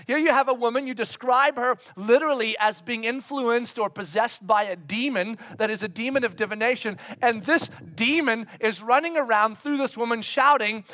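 A male pastor with an unusually high voice delivers an animated sermon. His tone is bright and forward, and he leaps into shouted, acted-out lines before settling back into explanation. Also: moderate pace.

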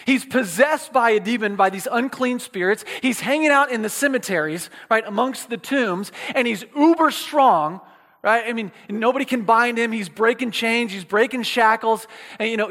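Delivering a chatty sermon in a hall with long reverb, this man has a high, somewhat bright voice. He keeps checking in with his audience, restarts his phrasing and adds playful asides.

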